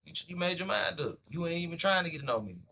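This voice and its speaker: Talking fast in an animated, sharp, slightly high voice, this man hosts a livestream with a little hiss or hum in the background. His casual monologue is blunt and full of street slang and swearing as he plays both parts in everyday exchanges.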